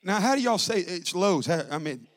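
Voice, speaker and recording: This pastor's voice is high and lilting, expressive, at a normal speed. Preaching a Pentecostal sermon, he starts by chatting and joking with the congregation, then builds into loud, stretched-out preaching.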